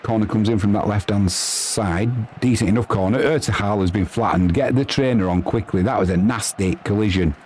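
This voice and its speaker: A man doing chatty live football commentary, reading out viewer messages and yelping with excitement at goals. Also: normal speed, few pauses, slight background noise. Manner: chatty and excitable, bursting into high yelps at goals.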